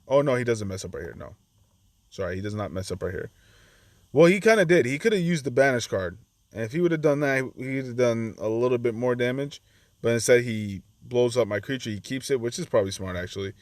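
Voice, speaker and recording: A man's voice: mid-range voice, no room sound. A man giving casual, chatty commentary over his own card game match, acting out his reactions to his opponent's moves. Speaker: gaming channel host.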